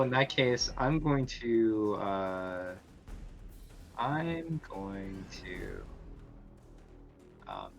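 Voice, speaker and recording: A man playing a tabletop game, hesitant and drawn-out while choosing his action. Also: on the low side, a bit bright. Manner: hesitant, drawn-out when deciding. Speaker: player. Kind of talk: casual tabletop game play.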